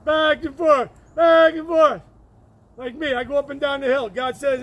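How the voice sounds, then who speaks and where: Man, very high voice, excitable, rambling, bursts of shouting, phone mic, outdoors on a hill. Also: moderate pace. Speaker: vlogger.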